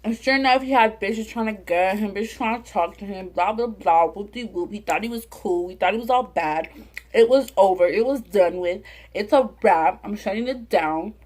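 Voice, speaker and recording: A young woman from Southern California, a mukbang vlogger, tells a profane story straight to camera, animatedly acting out the voices of the people she quotes. Her voice is mid-range and her speed is normal.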